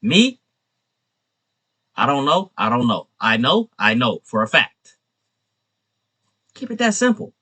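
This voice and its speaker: A man hosting a reaction video, talking in a casual, slangy, animated way. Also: medium pitch, takes it slowly, long pauses, slightly rough. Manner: animated, slangy, laughing often.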